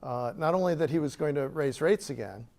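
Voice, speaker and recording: A man answering as a panelist at a live discussion, explaining in a measured way into a handheld microphone. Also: on the high side, creaky, darkish tone.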